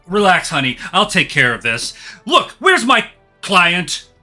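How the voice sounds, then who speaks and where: Guy doing a loud pushy lawyer, high and blustery, real bright voice. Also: sing-song, measured pace, soft background music, heavily acted. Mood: blustering. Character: brash pushy male lawyer, bombastic.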